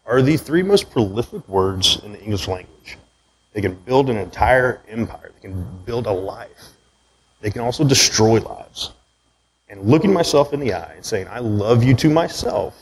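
A man's voice: lowish voice, rough recording. A man speaking to a live audience about his own life, candid and conversational, often checking in with "right?". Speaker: speaker giving a talk. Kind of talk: personal story talk to a live audience. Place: room with an audience.

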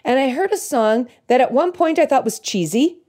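A woman giving an earnest, reflective devotional talk, reading song lyrics slowly and thoughtfully. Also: high voice, expressive, darkish tone. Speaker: Christian speaker.

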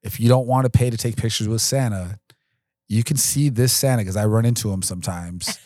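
A man's voice: fairly low pitch, brisk, no echo, studio quality. A man in his thirties, co-hosting a casual chat show, who tells stories with lots of fillers and jokes. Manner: relaxed storyteller with frequent fillers and jokes. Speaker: podcast co-host.

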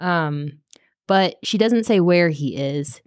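Low-voiced woman, profane podcast recap. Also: lively intonation, a little slow, no echo, studio quality. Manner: profane, filler-heavy plot recap. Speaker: podcast co-host. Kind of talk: casual book-club chat.

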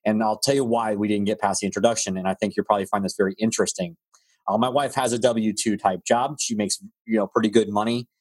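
A man's voice: fairly low pitch, fairly even intonation, fast talker. Rambling, stammering male podcast host. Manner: rambling, stammers and restarts, friendly. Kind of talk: casual interview chat.

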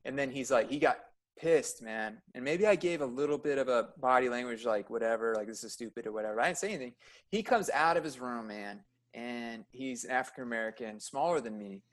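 Picture a male emergency room nurse in a loose podcast chat, speaking at an ordinary middle pitch. He tells his stories with a lot of fillers, and when a story gets tense his voice rises sharply in pitch and volume. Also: fairly quick. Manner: animated storyteller, filler-heavy, gets loud and high when agitated.

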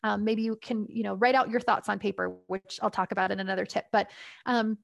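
A woman with a mid-range, steady voice and vocal fry talks a little fast on a dry recording with no echo. She's a parenting coach appearing as a podcast interview guest, sharing tips in an upbeat, chatty way and laughing between points.

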